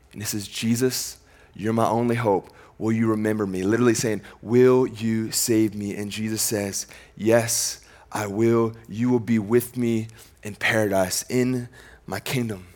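A male pastor with a fairly low pitch and steady tone delivers a sermon. He moves between emphatic, raised proclamations and soft, slowed sections, phrasing things casually and conversationally.

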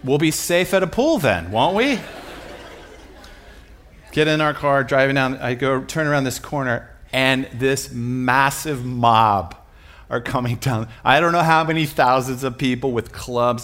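A man's voice: medium pitch, a bit bright. A middle-aged man preaching, telling a family story with self-mocking humor and often breaking into laughter.

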